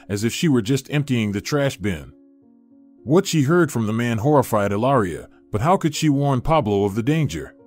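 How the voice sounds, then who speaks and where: A man narrating a scripted story in a measured storytelling manner. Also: medium pitch, a little mellow. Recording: dry studio voice with faint music.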